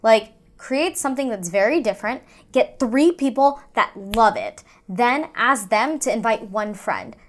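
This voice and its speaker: A young woman talking as a podcast guest in casual interview chat, energetic and persuasive, like a quick pitch. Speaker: podcast guest, fitness entrepreneur.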